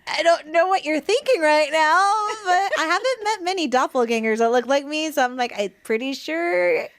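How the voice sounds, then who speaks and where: A woman in her thirties chatting as a guest in an interview, animated and quick to laugh, acting out what other people say. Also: high voice. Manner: animated, giggly, mimics others in quotes. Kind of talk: casual interview chat.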